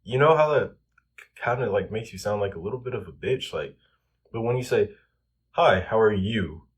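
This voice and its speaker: A man's voice: on the low side, lively intonation, fairly quick, husky. A young man giving casual self-improvement advice, loose and full of "like" and "um". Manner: loose, filler-heavy, lots of "like" and "um".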